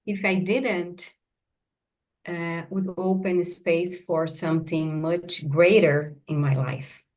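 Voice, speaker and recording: Slow, hesitant woman guest. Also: lowish voice, steady tone, darkish tone. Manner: slow, hesitant, searching for words. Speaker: podcast guest. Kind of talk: reflective conversation.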